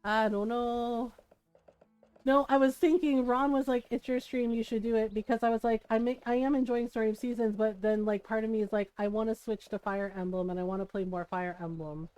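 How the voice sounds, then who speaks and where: Her voice is a little high, darkish and smooth, with fairly even intonation and a fairly quick pace, and there's no room sound. She's a woman streaming a game, giggling a lot as she rambles in casual chat.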